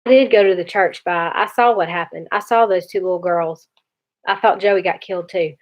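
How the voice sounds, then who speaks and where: A woman's voice: fairly low pitch, moderate pace, lightly acted. A woman reading aloud, voicing a tearful young boy who is ashamed and pleading. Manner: weepy, pleading. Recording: dull lo-fi recording.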